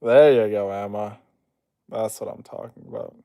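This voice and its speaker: A young man streaming and reading chat, teasing his viewers playfully and then turning soft and reassuring. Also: fairly low pitch, moderate pace, creaky, clean tone, no room sound, lo-fi sound.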